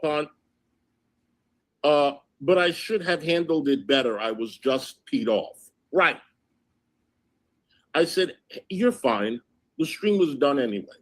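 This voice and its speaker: A man's voice: fairly high pitch, expressive, slow pace, pauses often. Indignant man recounting text messages. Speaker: livestream host. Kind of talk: casual livestream recounting.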